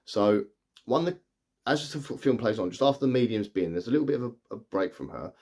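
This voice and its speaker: A man's voice: on the low side, animated, fairly quick, a little mellow. A middle-aged man, chattily retelling a film's plot in a casual review, often restarting his sentences. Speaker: film reviewer. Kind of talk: casual spoken movie review.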